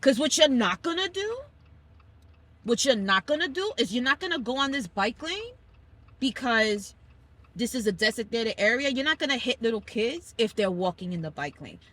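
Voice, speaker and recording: A woman's voice: on the high side, normal speed. A woman from Brooklyn with a New York accent, hosting a casual family chat in a car and telling stories with emphatic energy and acted-out quotes. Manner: animated storyteller, acting out quoted people, emphatic. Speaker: podcast host. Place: car on a school commute.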